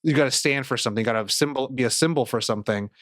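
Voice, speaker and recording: A man co-hosting a casual podcast, animated and swearing freely as he acts out quotes. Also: medium pitch, racing, dry recording, studio quality. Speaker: podcast co-host.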